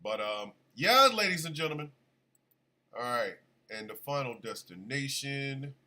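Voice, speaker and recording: A man hosting a casual live radio show, chatty and animated, still congested from an illness. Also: medium pitch, a little slow. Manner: chatty, animated, shouts at his dogs. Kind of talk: casual livestream talk radio.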